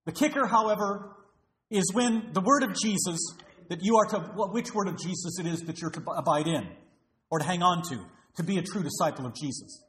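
A pastor preaches a sermon in a church, his voice high, brisk and fairly bright. He speaks emphatically and peppers the congregation with rhetorical questions, and the recording carries a roomy echo.

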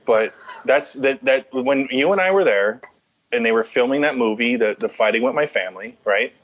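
A man's voice: medium pitch, expressive, lo-fi sound. A man telling a story in casual chat, often stalling and restarting his sentences and swearing a lot. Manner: halting, stammering restarts, heavy swearing.

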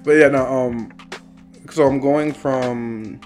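A man's voice: medium pitch, steady tone, slow, a little mellow, faint music behind. A young man chatting casually, laid-back and slangy, laughing often as he tells stories. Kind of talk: casual chat.

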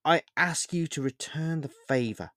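A man voicing a calm, sincere man in black. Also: fairly high pitch, unhurried, dry recording, clean studio sound, pitched above the performer's own voice. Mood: calm assured. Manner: calm, assured and gently insistent. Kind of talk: read-aloud short story.

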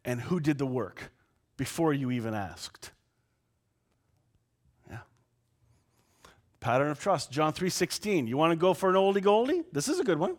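Animated man preaching a sermon. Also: a little high, normal speed, long pauses. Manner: animated, swings from loud outbursts to quiet asides. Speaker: pastor. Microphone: lapel mic.

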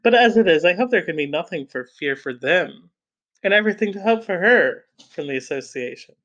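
A man reading the lines of a dignified, stern head of household in a measured, formal way. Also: high voice, expressive, a bit bright, dull audio. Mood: grave.

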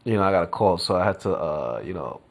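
A U.S. podcast host, this man has a low-sitting, animated voice. He drifts slowly through a casual opinion monologue, leaning on fillers, restarts, and colloquial slang.

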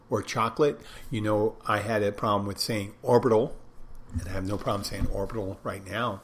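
A man's voice: fairly low pitch, steady tone, normal speed, fairly bright tone, breathy edge. Man rambling through a casual monologue. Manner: rambling, self-interrupting, conversational.

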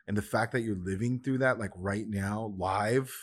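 A man hosting a podcast, speaking softly and reflectively in casual chat, with self-deprecating remarks. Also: lowish voice, normal speed, a loud crowd. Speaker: podcast host.

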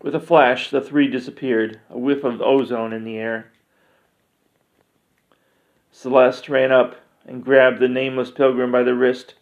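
Steady, flat-toned male storyteller. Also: medium pitch, unhurried, pauses often. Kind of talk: fantasy story reading. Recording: dull lo-fi recording.

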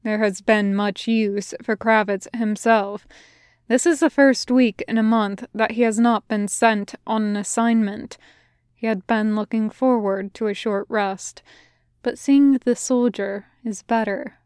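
Slow, clear woman reading fiction. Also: medium pitch, no room sound, clean studio sound. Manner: slow, even storytelling. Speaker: podfic reader. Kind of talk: read-aloud fiction narration.

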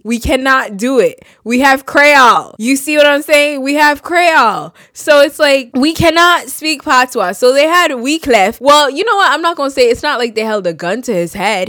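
Young haitian woman rambling on her podcast, kinda high voice, super chatty, dry close sound. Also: dry recording. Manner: animated, chatty, lots of fillers and asides. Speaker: podcast host. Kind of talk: casual solo chat.

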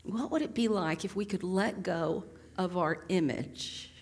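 A woman's voice: fairly low pitch, unhurried, slightly rough. Woman preaching with rhetorical questions. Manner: conversational and warmly humorous, with rhetorical questions. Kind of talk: sermon.

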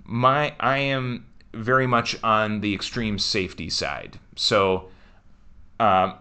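A man co-hosts a podcast in casual chat. His voice sits somewhat low, with a bright, forceful edge. He speaks earnestly and gives advice to listeners. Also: slow, clean tone. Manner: earnest, advising, cautious. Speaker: podcast co-host.

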